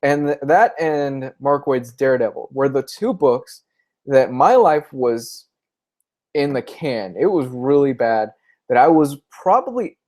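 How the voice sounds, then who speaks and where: A man's voice: mid-range voice, expressive, unhurried, darkish tone. A young man chatting casually on a livestream about comics, speaking openly and emotionally. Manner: candid, emotional, tearing up at times. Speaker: comic book vlogger.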